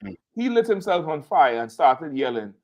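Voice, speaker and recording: A man on a talk show panel, telling a story in an animated, casual way and often calling others "brother". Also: fairly high pitch, normal speed. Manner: lively, calls others "brother".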